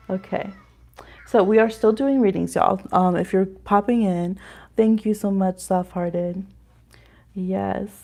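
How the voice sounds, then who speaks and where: A woman's voice: medium pitch, gravelly, warm tone, husky. A woman hosting a live astrology reading stream, chatting casually and rambling with frequent laughter.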